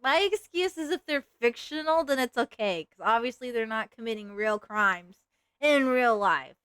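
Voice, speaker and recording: A young woman streams and chats while drawing, her voice bouncing up and down with lively, giggly energy. She pokes fun at herself, the sound dry and close to the mic. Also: a little high, normal speed, smooth, dry recording. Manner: chatty, giggly, self-mocking. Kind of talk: casual live-stream chat while drawing.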